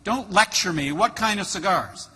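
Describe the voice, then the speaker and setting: A man voicing a grumpy, stern female nurse who talks in a gruff, blunt way. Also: sits high, animated, normal speed, bright, forceful tone, pitched above the performer's own voice. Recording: hall reverb, faint noise.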